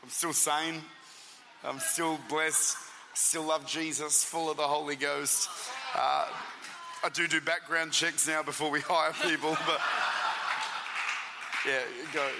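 A man who is a traveling preacher and senior pastor, telling stories as an interview guest in a lively way, often restarting and repeating words. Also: a little high, takes it slowly, creaky, pauses often, big-room sound, background noise.

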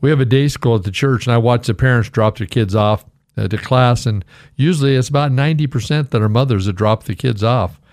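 A man's voice: medium pitch, dry recording. Earnest male radio pastor, dry studio sound. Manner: earnest, warm storytelling with slow scripture recitation. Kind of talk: radio devotional sermon.

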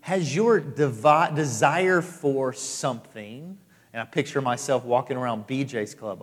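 A male pastor delivering an emphatic sermon, repeating phrases and swinging between loud and quiet. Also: mid-range voice, expressive, unhurried, faint music behind. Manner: emphatic, repetitive preaching with rising and falling intensity. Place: church hall. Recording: live sermon with long hall reverb.

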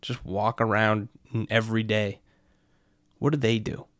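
A young man telling a night-out story in a profane, excitable way, constantly checking in with his listener. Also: lowish voice, unhurried, dry recording, studio quality. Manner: profane, excitable, keeps asking "right?". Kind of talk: casual anecdote.

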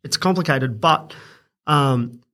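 A man's voice: mid-range voice, takes it slowly, fairly bright tone. A young man telling a story in casual podcast chat, rambling and profane, often laughing. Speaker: podcast guest.

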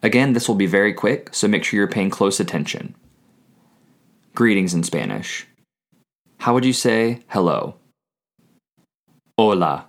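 A man hosting a podcast, teaching beginner Spanish in a scripted lesson and saying each phrase slowly twice. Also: lowish voice, expressive. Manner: slow, deliberate, repeats each phrase twice.

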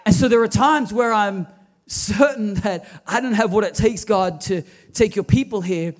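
A man's voice: sits high, normal speed. A man, preaching a sermon as lead pastor, telling stories animatedly with quoted dialogue.

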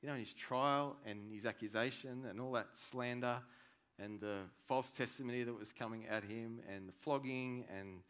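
A man preaching a sermon, animated and conversational, swinging between loud emphasis and quiet asides. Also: mid-range voice. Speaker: pastor.

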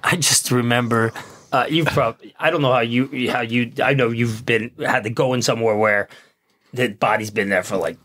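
A man, a police officer guest on a studio podcast, telling profane, laughing anecdotes in a casual, animated way. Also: mid-range voice, normal speed.

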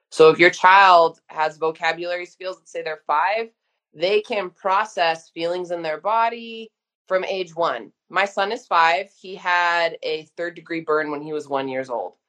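Lower-voiced woman in her 30s, blunt and emphatic, talks like she's chatting with a friend. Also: a bit bright. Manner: frank, emphatic, uses mild swearing. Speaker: guest therapist. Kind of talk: casual podcast conversation.

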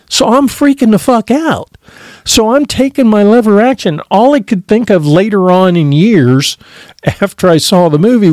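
A man's voice: high voice, darkish tone, no room sound, studio quality. A man casually telling stories from his youth, swearing freely and laughing as he goes. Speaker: podcast storyteller. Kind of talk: casual storytelling.

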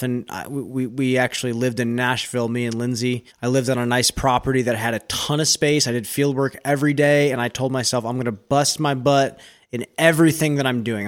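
A man in his thirties, a disc golf commentator, telling his career story in casual podcast chat. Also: mid-range voice.

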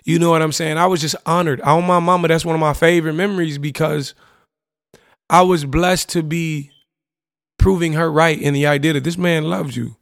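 Gravelly young man reminiscing candidly. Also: a little high, steady tone, moderate pace, fairly bright tone, dry recording, studio quality. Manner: casual, candid storytelling with slang, profanity and frequent "you know what I'm saying". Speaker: podcast host. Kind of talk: reflective personal monologue.

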